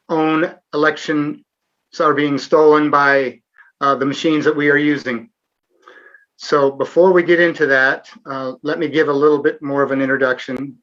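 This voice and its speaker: A man's voice: fairly high pitch, bright, forceful tone, dull audio. A middle-aged man hosting a live online Q&A, talking earnestly with sarcastic asides and frequent fillers. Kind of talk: casual livestream interview.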